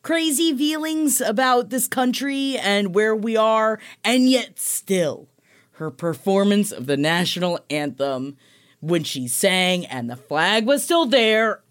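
A woman co-hosting a casual gossip podcast over a remote call, emotional and animated, laughing often as she talks. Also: medium pitch, slow pace. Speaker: podcast co-host. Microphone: remote call mic.

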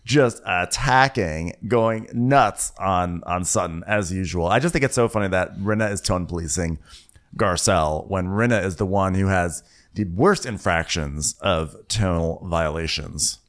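A man co-hosting a comedic TV recap podcast, wry and quick to laugh. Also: deep voice. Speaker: podcast co-host.

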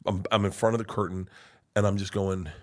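A middle-aged man telling a long story as a podcast guest, cursing freely and swinging from hushed to loud. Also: deep voice, little pitch movement, a little fast. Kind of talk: casual storytelling.

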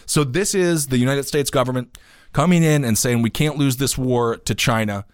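A man's voice: medium pitch, moderate pace, clean tone, no echo, studio quality. A man hosting a podcast, giving casual news commentary with sarcastic asides and growing indignation. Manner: animated, sarcastic, gets indignant. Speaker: podcast host.

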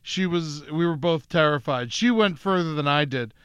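A man's voice: a little high, moderate pace, clean tone, dry recording. A man co-hosting a podcast, telling stories casually and acting out confrontations. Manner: lively storyteller, acts out confrontations. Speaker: podcast co-host. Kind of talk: casual chat.

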